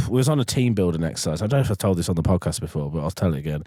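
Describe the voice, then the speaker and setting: A man's voice: low-pitched, animated, rapid-fire, warm tone, dry recording, studio quality. A man, co-hosting a casual podcast and telling rambling, sweary anecdotes full of restarts. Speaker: podcast co-host. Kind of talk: casual storytelling chat.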